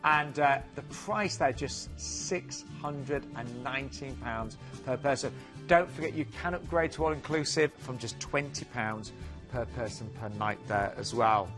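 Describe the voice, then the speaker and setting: A man's voice: medium pitch, measured pace, over music. A man co-presenting a TV cruise sales show, upbeat and pushing the offers. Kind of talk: casual studio sales chat.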